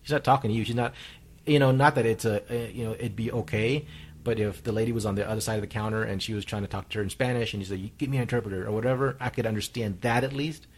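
Male podcast co-host, lowish voice, talks quick, loose and profane. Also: fairly even intonation, husky. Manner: rambling, profane, reads chat comments aloud. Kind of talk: casual chat.

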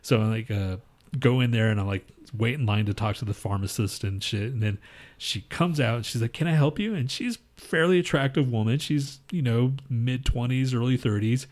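A man's voice: medium pitch, normal speed. Rambling profane man telling a story. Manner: rambling, profane, animated retelling. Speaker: podcast co-host. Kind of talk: casual crude storytelling.

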